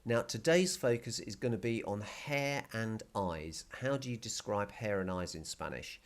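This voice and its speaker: A male Spanish teacher explaining a recorded video lesson patiently, repeating key words slowly. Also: fairly low pitch, expressive.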